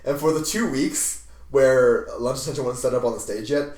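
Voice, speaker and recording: A young man on a podcast casually telling a rambling story from his school days with an animated, joking manner. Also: mid-range voice, normal speed. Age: young adult. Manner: rambling, animated retelling with laughs. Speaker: podcast host. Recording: echoey room, mic at a distance.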